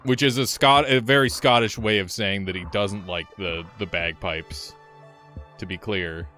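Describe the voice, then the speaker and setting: A young man streaming a game, telling a story in a casual, animated way, swearing freely, laughing often and jumping higher when excited. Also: unhurried, soft background music. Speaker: gaming streamer. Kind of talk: casual live-stream chat.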